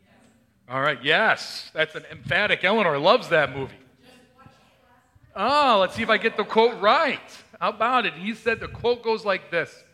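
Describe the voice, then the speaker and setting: Man, pastor, conversational sermon, questions to the congregation, bright voice, a little high. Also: lively intonation, normal speed.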